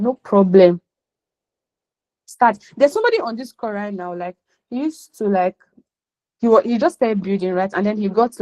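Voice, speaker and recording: A Nigerian woman gives a motivational class talk over a call. She is blunt and emphatic, and she drives her points home by repeating them. Her voice sits in a middle pitch. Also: darkish tone, low-quality recording. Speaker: career coach teaching a class.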